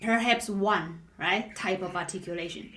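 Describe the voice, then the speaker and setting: A woman's voice: medium pitch, normal speed, fairly bright tone, echoey room, slight background noise. A woman piano teacher explaining patiently and checking in with "right?" after nearly every phrase. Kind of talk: live online piano lesson.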